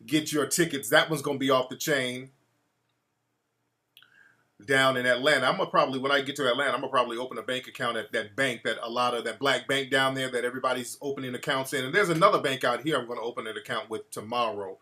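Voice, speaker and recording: A man chatting casually to his live-stream audience. His voice is bright and forward, and he talks in a relaxed, slangy way, greeting viewers and giving shout-outs as he goes. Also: medium pitch, fast talker. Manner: laid-back slangy talk with many shout-outs. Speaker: livestream host.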